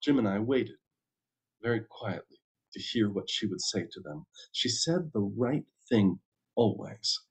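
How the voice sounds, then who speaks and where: A man, a minister, reading a story aloud at a church service with an expressive storytelling delivery. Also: on the low side, measured pace.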